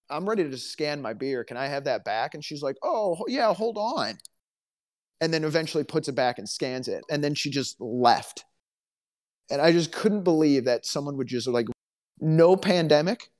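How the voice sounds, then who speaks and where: His voice is a little high with a darkish tone. He's a man from Alabama co-hosting a laid-back podcast, trading stories with dry, chatty humor.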